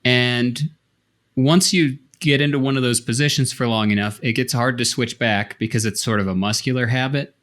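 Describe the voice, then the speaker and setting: A man's voice: mid-range voice, fairly even intonation, moderate pace, fairly bright tone. A man co-hosting a podcast, explaining his thoughts at length in casual chat. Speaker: podcast co-host.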